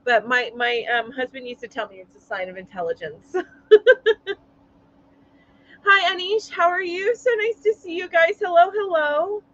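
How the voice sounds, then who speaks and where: A woman with a high voice hosts a relaxed live chat, greeting viewers one after another and laughing easily between thoughts. The audio is somewhat dull and lo-fi. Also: normal speed, long pauses. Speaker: livestream host.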